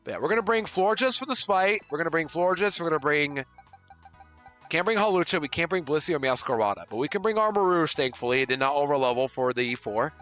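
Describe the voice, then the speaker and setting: A male streamer with a bright, forceful voice, talking through a live game run. He is excitable, swinging between panicked outbursts and easy banter with chat. Faint game music plays behind him. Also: fairly high pitch, quick pace. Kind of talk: live gameplay commentary.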